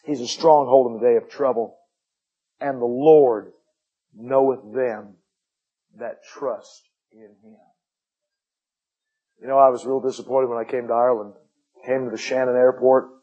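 A husky-voiced American missionary pastor delivers a sermon full of personal stories, his folksy manner swinging between upbeat jokes and hushed intensity. His pitch is medium, and the recording sounds muffled.

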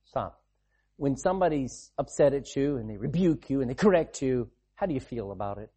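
A male preacher delivers a sermon in a lively, conversational manner, talking straight to his listeners. His voice is husky and mellow. His pitch swings widely as he speaks. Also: brisk. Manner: animated, conversational preaching with asides and laughs.

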